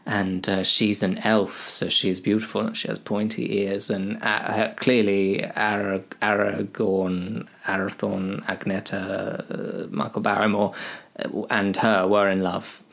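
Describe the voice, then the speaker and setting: A man's voice: lowish voice, little pitch movement, unhurried, gravelly. Rambling man retelling a story. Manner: rambling, hesitant, self-mocking.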